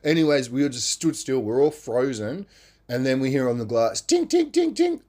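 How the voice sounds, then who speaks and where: Man, podcast storyteller, casual animated telling, slangy, swears, fillers like "man" and "right?". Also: medium pitch, normal speed.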